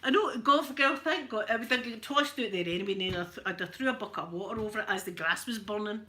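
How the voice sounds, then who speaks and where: A woman's voice: medium pitch, fast, bright, forceful tone. A Scottish woman hosting her channel, telling rambling stories in casual chat and laughing often. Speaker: channel host.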